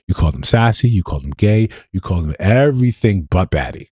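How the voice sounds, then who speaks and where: A man's voice: low-pitched, expressive, a little fast, dark tone, slightly rough, dry recording, studio quality. A man hosting a livestream, giving an opinionated commentary monologue with emphatic repetition and rhetorical questions. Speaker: livestream host.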